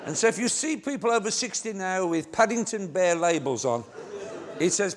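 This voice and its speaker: An older man delivers a humorous sermon to a church congregation. His voice sits a little high and swings widely in pitch as he spins self-mocking anecdotes. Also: expressive, normal speed. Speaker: pastor. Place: large church before a congregation.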